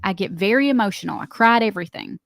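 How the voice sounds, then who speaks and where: A woman's voice: medium pitch, lively intonation, dry recording, clean studio sound. A woman, co-hosting a radio morning show in casual, rambling chat and laughing easily. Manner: chatty, rambling storyteller, quick to laugh. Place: radio studio.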